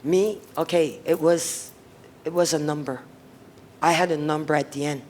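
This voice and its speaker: A woman's voice: sits low, steady tone, moderate pace, darkish tone, a little hiss or hum. Blunt swearing woman. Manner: blunt, swears often, emotional. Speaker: panelist. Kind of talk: casual panel talk.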